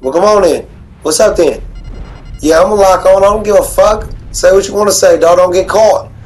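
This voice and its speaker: Guy gaming and talking trash on voice chat, cocky and taunting, aave slang, kinda high voice. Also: normal speed, a little mellow, soft background music, low-quality recording. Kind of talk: casual trash talk while gaming.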